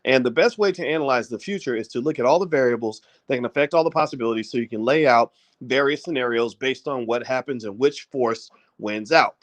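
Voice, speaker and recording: A man giving a casual, animated talk on finance straight to his viewers at a desk mic, with folksy asides. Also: mid-range voice, a little fast, no echo. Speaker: finance commentator. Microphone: desk microphone.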